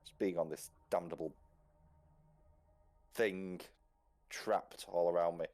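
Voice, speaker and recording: A man playing a stiff, formal forty-five-year-old gentleman who speaks in old-fashioned phrases. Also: low voice, steady tone, slow pace, no room sound. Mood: uneasy. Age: middle-aged.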